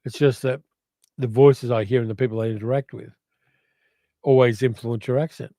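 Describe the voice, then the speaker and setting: A man's voice: medium pitch, fairly even intonation, normal speed, mellow, no room sound. An older man with an educated Australian accent, hosting a casual livestream and reading out viewer comments in a reflective, rambling way. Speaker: livestream host.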